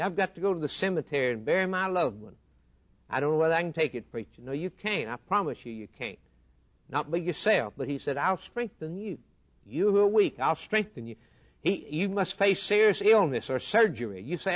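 A male preacher delivering a sermon in a rhythmic cadence of repeated lines, swinging from loud declarations to hushed ones. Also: on the high side, animated, moderate pace.

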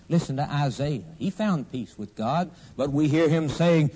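A man preaching a fervent sermon, rising to loud exhortation and dropping to low, hushed tones. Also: animated, normal speed, hardly any pauses, husky.

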